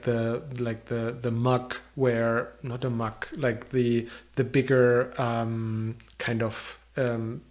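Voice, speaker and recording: A man teaching restaurant phrases in a casual lesson, repeating words slowly with many fillers. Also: mid-range voice. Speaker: German language teacher. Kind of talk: casual spoken language lesson.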